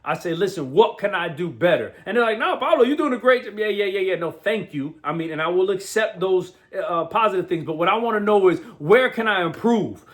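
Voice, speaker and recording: Higher-pitched man, energetic motivational host. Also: fairly quick, hardly any pauses. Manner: energetic, slangy, keeps asking "right?"; restarts and repeats words often. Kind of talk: motivational talk.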